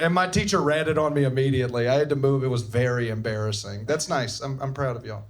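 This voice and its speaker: A man's voice: mid-range voice, fairly quick, few pauses, over a noisy crowd. A man, a comedian and former teacher, hosting a live comedy Q&A and telling loose, jokey stories from the classroom. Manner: casual, jokey storyteller. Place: stage before a live audience.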